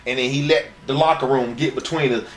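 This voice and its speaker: Medium-pitched and steady, talking a little fast, a middle-aged ex-wrestler sits for an interview and unloads brash, profane anecdotes from his career, voicing the other people in them shoot-interview style.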